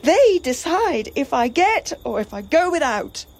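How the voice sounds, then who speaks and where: A woman playing a grieving, defiant young princess in a classical drama, with a breathy voice and impassioned lament. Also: high-pitched, sing-song, heavily acted. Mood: bitter. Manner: impassioned lament, slow and swinging.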